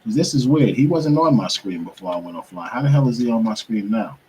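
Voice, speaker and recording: A man's voice: fairly low pitch, expressive, fast talker, mellow, a little hiss or hum, poor audio. A young man hosting a show, talking casually to viewers while he struggles with his computer, muttering and swearing to himself in frustration. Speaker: podcast host.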